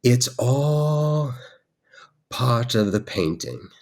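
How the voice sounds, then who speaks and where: A man putting on an English accent to voice a calm, wise elderly male artist, speaking slowly and mystically. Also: mid-range voice. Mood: serene. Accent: English, put on. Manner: slow, soothing, mystical.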